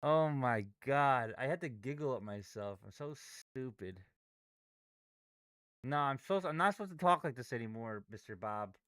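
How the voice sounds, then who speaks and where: Guy day trading live, cursing nonstop, muttering low then yelling, voice jumps all over, dry room. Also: lively intonation, fairly quick, few pauses, clear, resonant tone, no room sound. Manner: heavy swearing, swings from low muttering to angry yelling. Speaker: day trader streaming live.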